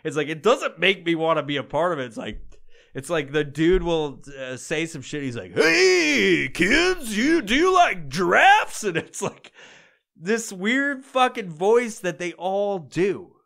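A man's voice: on the high side, expressive, measured pace, fairly bright tone. A man hosting a solo podcast, rambling in casual talk with heavy swearing and frequent laughs. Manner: rambling and heavily profane, laughs often. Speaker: podcast host.

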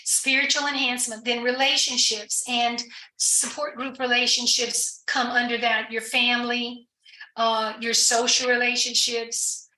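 A woman with a bright, slightly high voice explains things earnestly, pausing on fillers and restarting her sentences. She talks in an easy conversational way. The room adds a noticeable echo. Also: flat delivery. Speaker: guest addiction recovery professional. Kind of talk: conversational podcast interview.

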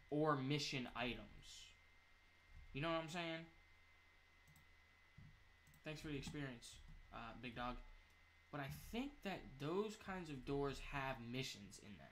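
A man talking through a zombie game. His voice sits in the middle range, and his talk is loose, profane and rambling. He swings from low muttering to excited shouts, and a faint noise hums behind him. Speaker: gamer. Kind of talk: gameplay commentary.

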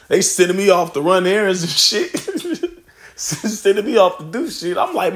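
Man, casual scripture talk, slightly high voice, profane and laughing, loose delivery. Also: lively intonation, moderate pace, a bit bright. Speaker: scripture teacher.

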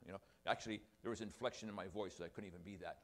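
A man's voice: sits low, steady tone, racing, a bit bright. An older man preaching a sermon to his congregation, with rambling, self-deprecating asides. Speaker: pastor. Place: church sanctuary.

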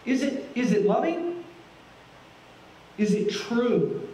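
Folksy high-voiced preacher in a roomy church. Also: male voice, animated, slow pace, dark tone, slight background noise. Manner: folksy, asks the congregation many questions. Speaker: guest pastor. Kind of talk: sermon. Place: church sanctuary. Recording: roomy, from a distance.

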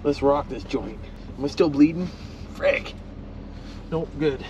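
A folksy vlogger from Ontario, Canada drives an old pickup, rambling casually and talking to passing animals. His fairly high voice moves slowly, and the lo-fi audio from a cab-mounted camera carries loud engine and road noise.

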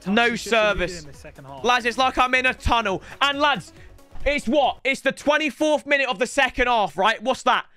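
A man giving excitable, swear-laden reaction commentary to his viewers. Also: very high-pitched, normal speed, clear, resonant tone, soft background music. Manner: excitable, swears, keeps addressing viewers as lads. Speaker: gaming YouTuber reacting to match footage.

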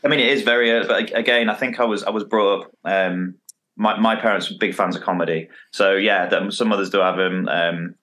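A British man chatting on a podcast, lively and quick to act out the lines he quotes. His voice sits a little low. He talks casually and with plenty of energy. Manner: animated, acts out quoted lines. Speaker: podcast co-host. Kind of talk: casual chat.

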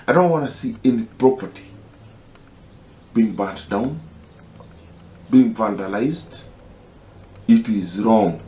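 A man with a Kenyan accent making an impassioned, halting personal appeal, pleading and repeating himself. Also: fairly low pitch, warm tone, roomy sound, a little hiss or hum. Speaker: concerned citizen.

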